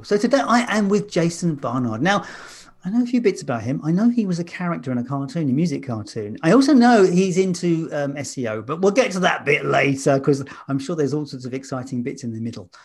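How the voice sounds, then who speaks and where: A man's voice: fairly high pitch, lively intonation, quick pace, breathy edge. A middle-aged man hosting an interview in a jovial way, laughing often as he asks questions. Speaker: host. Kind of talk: conversational interview.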